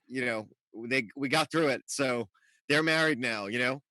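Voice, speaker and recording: A man's voice: mid-range voice, moderate pace, no echo, low-quality recording. A man co-hosting a podcast, chatting casually with frequent laughs and filler words. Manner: laughs often, warm filler-heavy rambling. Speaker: podcast co-host.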